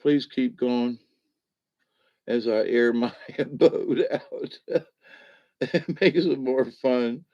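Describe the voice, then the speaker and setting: A man's voice: medium pitch, slow, pauses often, no room sound, highs cut off. A middle-aged man chatting casually on a livestream, joking, giggling often and slipping into funny voices. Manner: giggly, jokey, drops into put-on voices. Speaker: livestream host and puppeteer. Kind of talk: rambling casual livestream chat.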